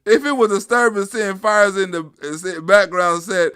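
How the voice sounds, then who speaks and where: A man's voice: high voice, steady tone, a little slow, a bit bright, clear, resonant tone. A middle-aged man from New York giving profane, mocking live-stream commentary on news clips, laughing and swearing constantly.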